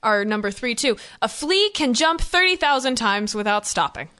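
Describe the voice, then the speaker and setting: A woman's voice: fairly high pitch, lively intonation, normal speed, bright, forceful tone. A woman co-hosting a casual podcast, teasing and giggly. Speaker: podcast co-host.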